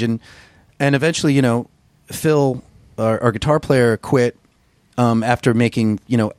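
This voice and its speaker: A man who is a musician, telling stories in a casual interview, rambling and profane with a gruff voice. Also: mid-range voice, no room sound. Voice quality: gruff singer's voice. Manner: rambling, profane, self-deprecating storyteller. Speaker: musician guest.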